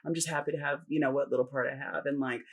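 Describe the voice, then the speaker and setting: A woman's voice: rumbling low, fast talker, breathy edge. A woman hosting a podcast, telling a personal story in candid casual chat, swearing often and acting out what people said. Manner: profane, animated storytelling with acted-out quotes. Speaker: podcast host.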